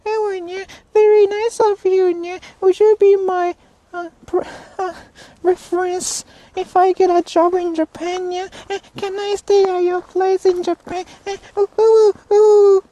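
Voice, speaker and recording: A man's voice: very high-pitched, little pitch movement, a little slow, warm tone, no room sound, pitched above the performer's own voice. A man voicing an eager, nerdy American fanboy who mangles Japanese pronunciation. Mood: fawning. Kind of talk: mocking impression on a live stream.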